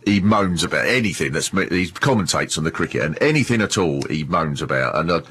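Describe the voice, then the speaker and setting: A man's voice: deep voice, expressive, brisk, fairly bright tone, a little hiss or hum. A man in casual radio chat, telling long, rambling anecdotes with lots of laughing.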